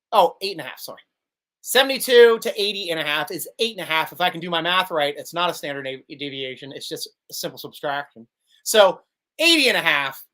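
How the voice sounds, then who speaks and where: A man hosting a live sports vidcast, excitable and quick to laugh as he reads viewer comments. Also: high-pitched. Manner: excitable, laughs often, animated. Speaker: host.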